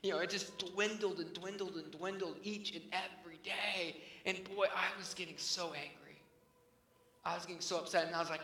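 A pastor in his thirties preaches in a bright, forceful voice pitched slightly high, at a normal speed with a steady tone. Earnest, he builds to emphatic peaks and then drops to hushed near-whispers. The sound is that of a roomy hall with a long reverb tail.

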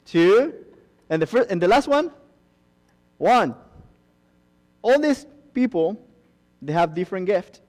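A man's voice: sits high, sing-song, takes it slowly, pauses often. A young man preaching a sermon, earnest and rising to emphatic bursts, acting out quoted asides. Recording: long hall reverb.

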